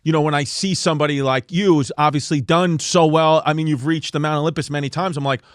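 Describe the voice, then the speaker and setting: A man's voice: a little high, fairly even intonation, quick pace, dry recording, clean studio sound. A man co-hosting a podcast who talks in eager, rambling casual chat. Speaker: podcast co-host.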